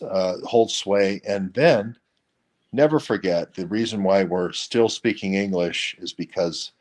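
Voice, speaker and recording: A man with a low voice co-hosts a casual online talk show. He rambles earnestly and fills his pauses with "uh". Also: a little mellow. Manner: rambling, earnest, with many fillers. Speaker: co-host.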